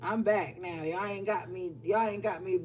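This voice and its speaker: A woman's voice: medium pitch, moderate pace. A woman giving a casual livestream tarot reading, talking bluntly with lots of profanity, scolding her viewers and laughing often. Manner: scolding, animated. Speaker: tarot reader. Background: faint music.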